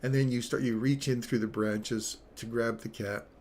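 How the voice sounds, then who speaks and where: A man's voice: medium pitch, fairly even intonation, moderate pace, darkish tone, a little hiss or hum. A man telling a rambling story on a live trading stream, chuckling between phrases.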